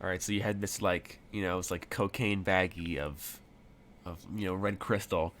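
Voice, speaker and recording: A man runs a tabletop game, narrating in a somewhat low voice. He wanders through his descriptions, full of fillers and restarts. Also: steady tone, normal speed, a bit bright, a little hiss or hum. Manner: rambling, many fillers. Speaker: game master.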